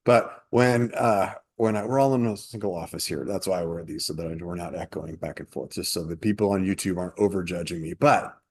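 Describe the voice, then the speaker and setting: A man co-hosting a podcast from a shared office, talking through workplace problems in a casual, animated way on a headset mic. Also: low voice, a little fast, hardly any pauses, husky. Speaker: podcast co-host.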